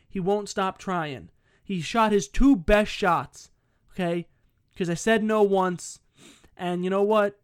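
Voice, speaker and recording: High-voiced, profane guy telling a story. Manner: profane, animated, self-interrupting. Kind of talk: casual comedic storytelling.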